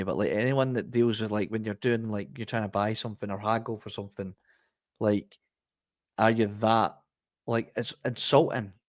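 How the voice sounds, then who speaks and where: A man's voice: on the low side, dry recording. Dry-sounding man telling stories. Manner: storytelling, acting out haggling exchanges. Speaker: podcast co-host. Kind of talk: casual football chat.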